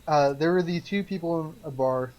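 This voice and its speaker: A man's voice: a little high, normal speed, highs cut off. A man co-hosting a casual podcast, telling stories in a rambling way with lots of ums, restarts and laughter. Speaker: podcast co-host. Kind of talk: casual chat.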